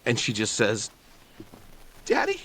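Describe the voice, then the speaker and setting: A man narrating a tabletop game as game master, in a slow, halting storytelling manner. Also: mid-range voice, fairly bright tone.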